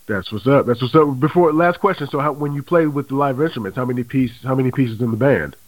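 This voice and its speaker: Fast-talking radio host man. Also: medium pitch, dry recording, low-quality recording. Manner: quick, upbeat, repeats catchphrases. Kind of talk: casual radio interview.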